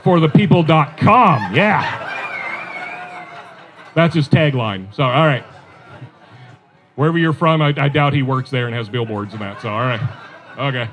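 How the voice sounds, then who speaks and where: A man's voice: mid-range voice, unhurried, pauses often, fairly bright tone, soft background music. A middle-aged man performing a stand-up comedy set, conversational and self-deprecating, with chatty asides to the crowd.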